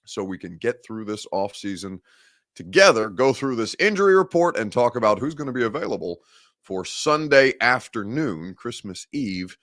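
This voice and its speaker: A man's voice: medium pitch, a bit bright, no echo. Male host for a live sports stream, chatty and wry, mid-range voice, dry studio mic. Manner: conversational, chatty, reads live comments aloud with wry humor.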